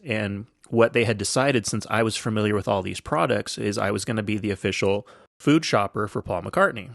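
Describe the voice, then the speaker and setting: An older American man with a gravelly, lowish voice tells a story on his podcast. He talks in a chatty, enthusiastic way, full of likes and you-knows. The sound is close and dry, with no room echo. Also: brisk, fairly bright tone. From United States. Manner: enthusiastic, chatty, lots of fillers. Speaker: podcast host. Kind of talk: casual storytelling.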